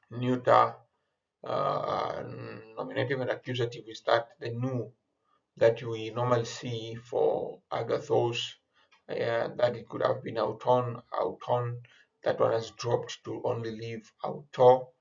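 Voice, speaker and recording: Male Greek teacher for a recorded grammar lesson, slow halting delivery, gravelly voice, slightly dull sound. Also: mid-range voice. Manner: slow, many hesitations and repeated words.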